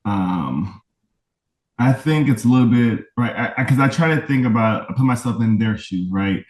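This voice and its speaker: A father of autistic twins speaks as a guest in a candid, conversational interview, earnest and reflective, often checking in with "right?". His mid-range voice has lively intonation and a normal speed, recorded in a roomy space far from the mic.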